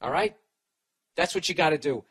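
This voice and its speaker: A man's voice: on the high side, lively intonation, normal speed, a bit bright, slightly rough, low-quality recording. A man hosting a podcast, giving blunt, profane advice in a sarcastic rant.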